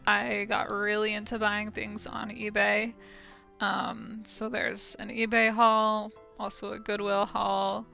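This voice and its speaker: Young woman, casual vlogger, bright and a little gravelly, giggly, says "like" a lot, soft music behind her. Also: mid-range voice. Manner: chatty, giggly, lots of "like" fillers; drops to a soft whisper when emotional. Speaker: fiber artist vlogger. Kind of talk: casual vlog chat.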